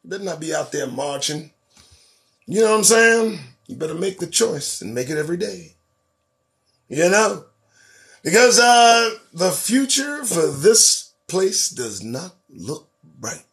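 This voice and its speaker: A man hosts his own show with a high, animated voice that leaps around in pitch. He talks in a preachy, profane political monologue, swinging from loud emphasis to low, muttered asides. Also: a little slow. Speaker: host.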